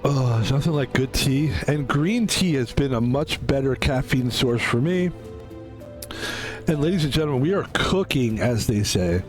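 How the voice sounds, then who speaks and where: A hoarse man whose voice is still recovering, rambling chattily while he streams a game. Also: mid-range voice, expressive, moderate pace, soft background music. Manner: rambling, chatty, self-mocking. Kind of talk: casual live-stream chat while gaming.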